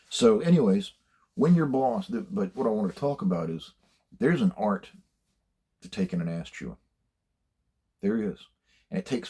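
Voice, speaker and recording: A man's voice: deep voice, dark tone, slightly rough. An older man giving blunt, plainspoken career advice in a casual monologue, swearing freely as he tells stories from his working life. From United States.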